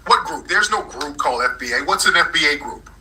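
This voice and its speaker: A man's voice: a little high, expressive, fairly quick, bright, forceful tone, poor audio. A man hosting a live call-in talk room, combative and repeating his points insistently.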